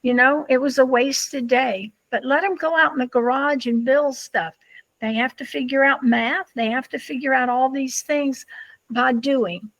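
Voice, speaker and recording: Female podcast co-host, bright high register, dry recording, earnest and opinionated. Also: steady tone, no room sound, low-quality recording. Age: older. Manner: earnest, opinionated, slows for emphasis. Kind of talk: casual podcast chat.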